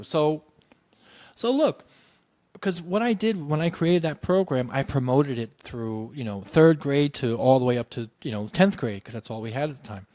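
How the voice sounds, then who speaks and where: A man in casual storytelling, animated and acting out what others said. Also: mid-range voice, moderate pace. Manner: animated, acts out quoted voices. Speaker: podcast guest telling his story.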